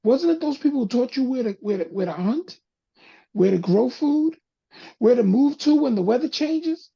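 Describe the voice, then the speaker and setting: A man hosting a panel talk, speaking with an impassioned, preacher-like cadence that drops low and soft for emphasis. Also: lively intonation, normal speed, vocal fry, slightly rough, muffled recording. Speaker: panel host. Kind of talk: impassioned talk-show monologue.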